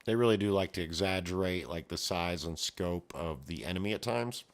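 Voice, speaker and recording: A man's voice: low-pitched, moderate pace. A man giving casual, rambling commentary while reading a comic aloud, making his own sound effects. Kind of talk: casual read-along commentary.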